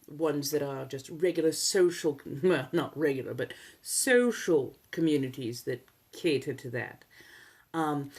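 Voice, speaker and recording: A woman hosting a soft-spoken ASMR livestream in a put-on 1700s colonial American accent, chatting casually and teasing her viewers with a playful edge. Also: low-pitched, slightly rough. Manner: teasing, playful with chat, laughs often.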